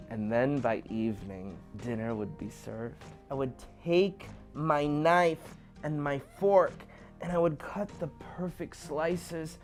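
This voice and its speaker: A man telling a funny story to children in an animated, playful way. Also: mid-range voice, a little slow, soft background music.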